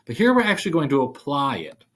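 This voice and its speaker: A man's voice: medium pitch, big pitch swings, fast, fairly bright tone. A man teaching a college writing class, talking casually through a worksheet with fillers while he types. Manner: casual, thinking aloud with fillers. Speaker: writing instructor. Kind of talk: screen-share worksheet walkthrough.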